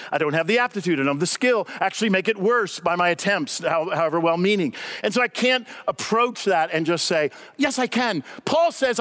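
An older man whose voice sits high delivers a guest sermon with animation and a conversational tone, driving each point home by repeating it.

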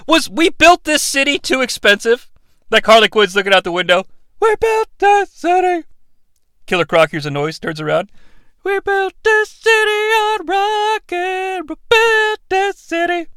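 A sarcastic, profane man hosts a casual movie-recap podcast. His voice sits high and swings widely, with a bright, clear tone. It is recorded dry and close. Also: no echo. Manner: sarcastic, profane, acts out characters. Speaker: podcast host.

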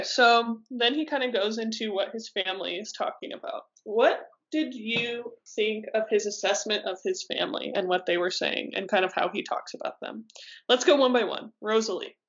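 A woman's voice: fairly high pitch, moderate pace, muffled recording. A woman co-hosting a podcast who leads a casual book discussion with wry remarks and questions. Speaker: podcast co-host.

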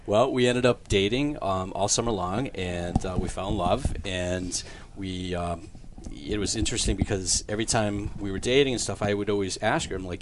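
A man's voice: lowish voice, moderate pace, noisy background. A man in his fifties, a priest, telling his conversion story as a radio guest in an earnest, conversational way with fillers.

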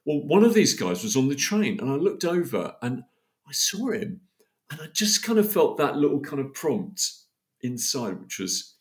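A man's voice: mid-range voice, moderate pace. A man, a podcast guest telling a story in casual chat, acting out the voices of the people he quotes. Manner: animated, acts out quoted dialogue.

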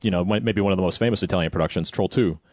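A man co-hosting a casual movie review podcast, talking in an animated, jokey way and laughing often. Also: deep voice, very fast, no room sound, clean studio sound. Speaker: podcast co-host.

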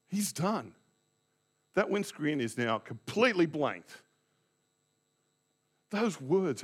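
A man's voice: a little high, very animated, slow, pauses often. A man preaching a sermon as a Baptist pastor, telling the story dramatically and acting out the scenes.

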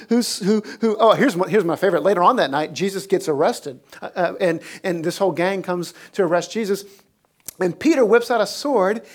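Animated preacher telling stories from a pulpit. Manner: animated storytelling, lively pitch swings; laughs while telling stories. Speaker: pastor. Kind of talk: sermon. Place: church.

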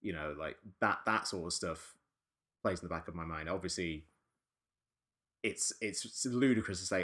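A man's voice: deep voice, normal speed, a bit bright. A man hosting a casual podcast discussion, talking in rambling, wry runs with frequent restarts. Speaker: podcast host.

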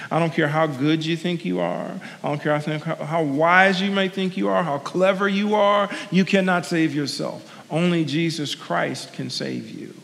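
A sports team chaplain gives a sermon as a guest preacher in a large hall, his voice fairly high and creaky. He is earnest and conversational, repeating key lines for emphasis and adding personal asides.

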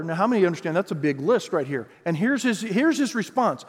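A man preaching a sermon as pastor, lively and conversational, acting out quoted voices. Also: high-pitched, fairly quick, hardly any pauses, slightly rough, in a large hall. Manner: animated, acts out quotes in voices.

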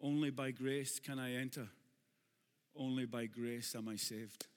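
A man with a Glaswegian accent preaching a sermon to a congregation, with humorous asides that build to shouted exhortation. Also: mid-range voice, steady tone, measured pace, in a large hall. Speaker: pastor.

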